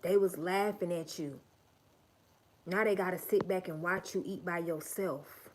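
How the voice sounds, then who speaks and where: A woman's voice: lowish voice, steady tone, unhurried, a little mellow. A woman hosting a livestream, giving an emphatic, profane and repetitive motivational talk. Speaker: livestream host.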